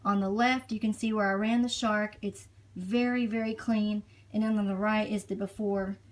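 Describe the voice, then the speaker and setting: A woman's voice: mid-range voice, little pitch movement, moderate pace, poor audio. A woman giving a casual product demonstration, explaining features in a plain conversational way. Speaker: product reviewer.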